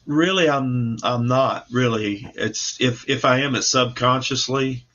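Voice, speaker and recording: A man's voice: medium pitch, a little slow, fairly bright tone. A man, a comic book creator, talking about his work in a casual livestream interview, rambling and repeating words in an easygoing way. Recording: muffled lo-fi stream audio.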